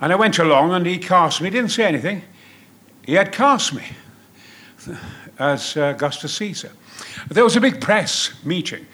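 An older man in his seventies tells a stage anecdote in a booming, theatrical way, swearing freely. His voice sits high and leaps around lively. The tone is bright and forceful. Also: normal speed, long pauses. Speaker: guest.

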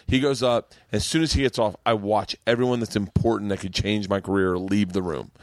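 A man, a comedian, telling a long story in casual podcast chat, swearing freely and getting animated. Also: fairly low pitch, brisk, no echo, studio quality. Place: podcast studio.

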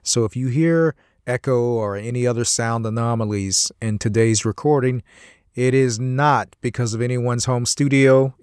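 A man's voice: medium pitch, darkish tone, clear, resonant tone, no room sound, clean studio sound. Friendly man hosting a podcast. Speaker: podcast host.

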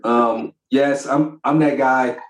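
A man co-hosting a podcast, telling stories about his kids in a casual, animated way and laughing often. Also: medium pitch, slow, echoey room, slight background noise, poor audio. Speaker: podcast co-host. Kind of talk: casual chat.

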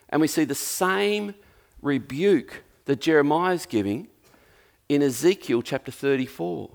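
A man's voice: a little high, expressive, measured pace, gravelly. Chatty Australian male preacher. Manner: conversational, jokey storytelling preaching. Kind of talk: sermon.

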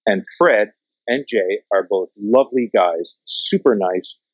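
A Canadian documentary filmmaker tells stories in a relaxed, conversational way, swearing freely and acting out what people said. His voice is lowish and a little slow, and the audio is dull with no echo.

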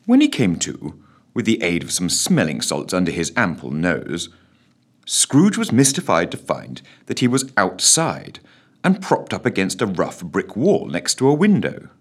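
A man's voice: sits low, wildly swooping pitch, unhurried, husky. Wry man reading a comic tale. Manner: wry, mock-solemn delivery. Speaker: narrator. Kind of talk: comic storytelling.

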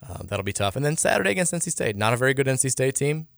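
A man's voice: medium pitch, very animated, rapid-fire, vocal fry, a bit bright, no room sound, studio quality. A man hosting a sports radio show, talking in a frustrated, sarcastic, rambling way with many restarts. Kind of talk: casual sports radio talk.

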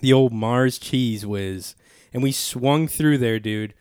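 A man chatting on a podcast in a laid-back, loose way, often laughing and swearing. His voice sits at an average pitch. The sound is dry and close, with no room echo. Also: takes it slowly, darkish tone, smooth. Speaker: podcast co-host. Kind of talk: casual chat.

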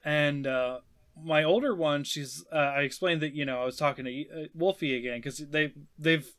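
A man's voice: a little high, moderate pace, fairly bright tone. A man in his thirties, a podcast host, telling family stories in casual chat and laughing between lines.

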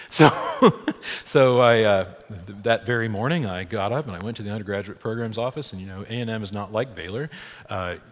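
A man, a priest, teaching a church catechesis class in a conversational way, often checking in with "right?". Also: low voice. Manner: conversational, frequent "right?" checks, laughs, restarts. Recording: long hall reverb.

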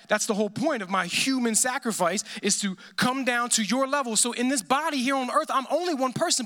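A pastor delivering a sermon, emphatic and repeating phrases, often dropping to a hushed, intense tone. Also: male voice, extremely high pitch, brisk, few pauses.

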